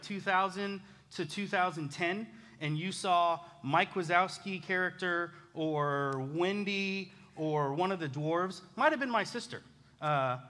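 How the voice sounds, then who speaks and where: A man's voice: sits high, bright, forceful tone. A man in his thirties preaching a sermon as a pastor, telling stories in a casual, self-deprecating way. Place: church sanctuary. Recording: echoey church hall.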